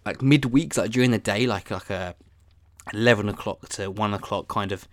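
A man with a lowish voice rambles through a solo podcast monologue. He wanders off-topic and pokes fun at himself. The sound is close and completely dry. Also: moderate pace, no echo. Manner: meandering, self-deprecating, swears casually. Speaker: podcast host.

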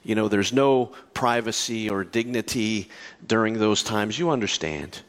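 A middle-aged pastor preaching a sermon, moving from quiet storytelling to impassioned, soaring appeals and then to soft, hushed reassurance. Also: male voice, fairly low pitch, unhurried.

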